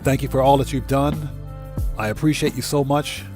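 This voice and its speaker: Man greeting his livestream chat over a soft music bed. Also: medium pitch, moderate pace. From United States. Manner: greets chat viewers one by one, heartfelt. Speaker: livestream host. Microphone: desk mic, no face cam.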